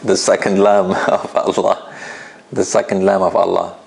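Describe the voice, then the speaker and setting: A man with a low, gravelly voice leads a classroom lesson on recitation. He explains step by step in a conversational tone, quizzing his students and asking "right?" as he goes. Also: flat delivery, measured pace. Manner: conversational, often checks understanding with "right?"; questions students directly. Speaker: Quran recitation teacher.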